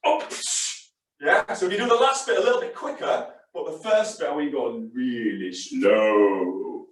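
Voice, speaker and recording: A man's voice: high-pitched, big pitch swings, normal speed, fairly bright tone. A male fitness instructor leading a live class, chatty and encouraging, calling short exercise cues. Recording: very echoey room, distant mic.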